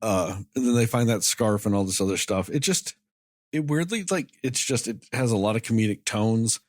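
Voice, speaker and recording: A man's voice: on the low side, no room sound, clean studio sound. A man co-hosting a casual film review podcast, rambling and swearing freely as he talks through scenes. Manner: often acts out characters' lines in quick asides. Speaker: podcast co-host.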